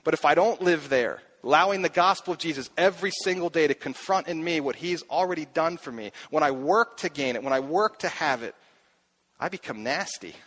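A middle-aged man delivers a sermon from the pulpit in an earnest, searching way. His voice sits slightly higher than most men's, and he circles back to repeat his key lines as he questions himself aloud. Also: animated, a little fast, a bit bright. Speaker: pastor.

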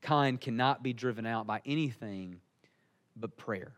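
A man voicing a calm, commanding healer in a low, hushed, slow way. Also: long reverb tail, close to an everyday voice.

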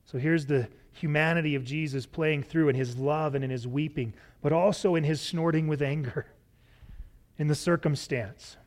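A man preaching a sermon, expressive and shifting his pace, acting out the lines he quotes. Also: on the high side. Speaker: pastor.

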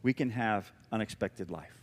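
A man preaching a sermon as pastor, animated and emphatic with a conversational touch, in a church. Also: on the low side, normal speed, slightly rough, big-room sound. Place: church sanctuary.

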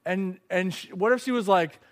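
A young man gives a sermon in a slightly higher-than-usual voice. He talks to the crowd in a lively, storytelling way and asks them questions directly. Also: normal speed. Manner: lively storytelling, speaks straight to listeners. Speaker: preacher. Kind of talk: sermon to a live audience.

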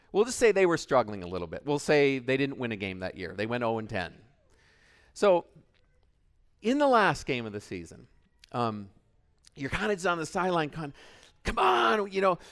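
A middle-aged man preaching a sermon, animated, swinging between shouted cheers and quiet asides. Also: mid-range voice, clear, resonant tone. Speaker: pastor.

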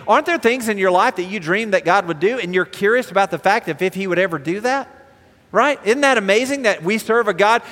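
A man preaching a sermon as pastor, animated, asking the congregation rhetorical questions. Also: high voice, long reverb tail.

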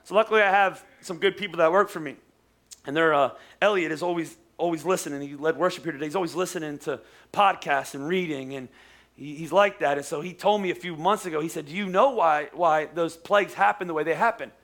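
A man's voice: a little high, quick pace, fairly bright tone. A man, a pastor, preaching a sermon in a conversational storytelling way, with jokes and asides to the congregation.

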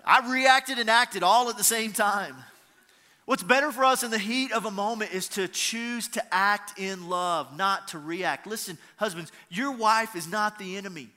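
A man's voice: high voice, moderate pace, bright, forceful tone, in a large hall. A middle-aged male pastor preaching a sermon in an earnest way, repeating his key lines for emphasis.

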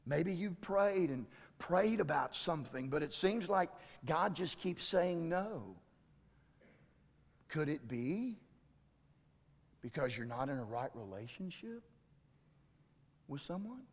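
A man preaching a sermon as a pastor, emphatic and exclamatory, with dramatic shifts between loud and hushed delivery. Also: a little high, animated, slow pace, pauses often, in a large hall.

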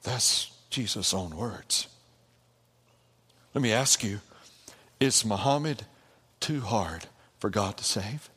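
A pastor preaching a sermon in an animated way, with repeated phrases and calls of "amen" to the congregation. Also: male voice, lowish voice, slow, pauses often, breathy edge. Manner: animated, repetitive rhetorical preaching with call-and-response. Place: church sanctuary. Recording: long hall reverb in a church.

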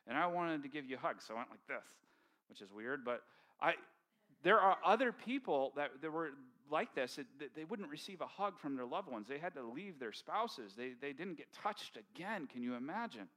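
A man preaching a sermon to his congregation in an animated, conversational storytelling manner, acting out quotes along the way. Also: a little high, normal speed. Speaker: pastor. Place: church sanctuary with congregation.

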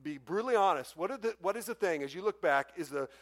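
Preacher, male, high voice, animated delivery with raised acted-out quotes. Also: fast. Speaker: pastor. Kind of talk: sermon.

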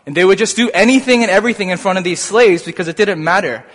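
A man delivers a sermon, working through scripture with animated, rising emphasis. His voice sits fairly high, and a long reverb trails behind it in a hall. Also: fast. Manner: animated, builds to excited emphasis. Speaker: preacher.

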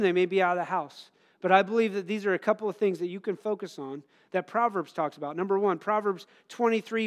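A middle-aged man preaching a sermon in an earnest, conversational way, laughing at himself now and then. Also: high-pitched.

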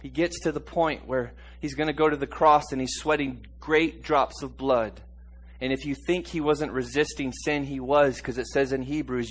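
A man preaching a sermon, swinging between hushed, slow passages and loud, high-pitched outbursts, with frequent chuckles and calls for the congregation to repeat after him. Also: slightly rough.

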